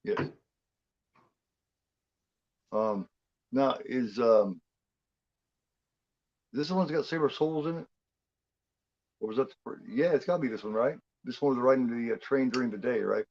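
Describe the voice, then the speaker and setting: A man chatting casually during a movie watchalong, rambling and halting with lots of fillers and restarts. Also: mid-range voice, animated, a little mellow, dull audio. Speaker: guest co-host.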